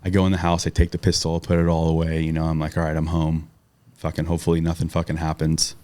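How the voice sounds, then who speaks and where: A middle-aged man from Southern California casually telling a profane story as a podcast guest, acting out quotes loudly. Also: rumbling low, completely flat delivery, fast.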